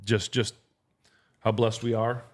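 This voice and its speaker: A man in his thirties with a lowish voice, hosting a relaxed podcast conversation. He talks earnestly and rambles, restarting his sentences and leaning on fillers. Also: takes it slowly. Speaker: podcast host. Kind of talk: casual podcast chat.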